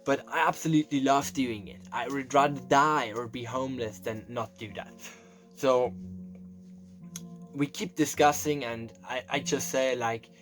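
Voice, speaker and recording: A man's voice: medium pitch, steady tone, unhurried, fairly bright tone. Young man close to tears. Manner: rambling and emotional, heavy on fillers and swearing. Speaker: vlogger. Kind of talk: confessional storytelling monologue. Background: faint background music.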